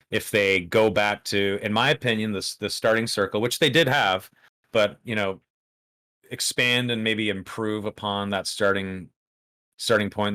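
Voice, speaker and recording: A man's voice: fairly low pitch, fairly bright tone, clear, resonant tone, no room sound, studio quality. An American man with a plain General American accent, a podcast guest talking bluntly in casual chat, laughing often and swearing casually. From United States.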